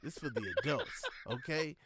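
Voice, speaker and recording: A man's voice: mid-range voice, animated, normal speed, fairly bright tone, husky. A man hosting a podcast, talking casually and teasing his guest playfully. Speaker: podcast host.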